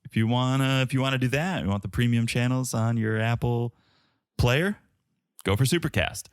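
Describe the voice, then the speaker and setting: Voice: medium pitch, moderate pace, clear, resonant tone, no room sound, studio quality. A podcast co-host casually plugging the show's channels in an upbeat way. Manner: upbeat, lively plugs. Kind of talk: casual podcast promo chat.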